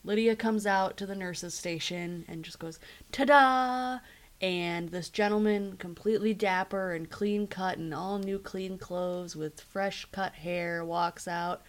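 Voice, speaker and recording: A woman's voice: fairly low pitch, unhurried. A woman co-hosting a casual podcast, recapping TV episodes and acting out characters' quoted lines as she retells scenes. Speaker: podcast co-host.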